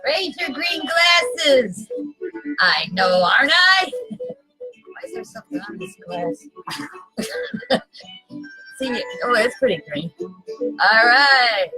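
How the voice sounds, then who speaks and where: A woman hosts a casual holiday chat with music behind her, joking, giggly and animated, and she keeps breaking into laughter. Her high voice takes things slowly with frequent pauses, and the audio is poor.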